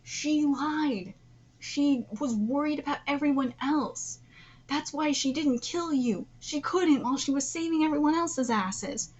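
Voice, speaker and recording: A woman streamer reacts live, ranting loudly with plenty of cursing and indignation. Her voice sits high and climbs when she gets angry. The stream audio sounds dull and lo-fi. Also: unhurried. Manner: loud, profane, indignant ranting.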